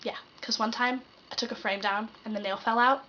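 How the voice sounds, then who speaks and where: A woman's voice: fairly high pitch, fairly even intonation, brisk, pushed and bright, dull audio. A teenage girl doing a sarcastic, exasperated comic rant to the camera. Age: teens. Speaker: vlogger.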